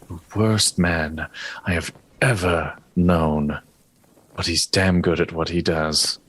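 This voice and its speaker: A man's voice: deep voice, fairly even intonation, slow pace, fairly bright tone, rough recording. A man playing a tabletop game in character, dry and wry. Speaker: player.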